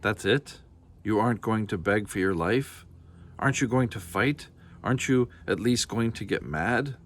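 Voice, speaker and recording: A man voicing a huge, fierce mother dragon who speaks in a slow, booming, menacing way. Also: fairly bright tone, slight background noise, natural voice. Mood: scolding.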